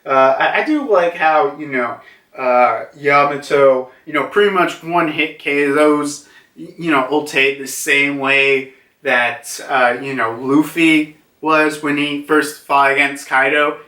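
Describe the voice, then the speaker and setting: A man's voice: a little high, fairly even intonation, slow, sharp tone. A man casually reviewing a comic chapter, rambling with lots of fillers and restarts. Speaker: manga reviewer. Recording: echoey room, far from mic.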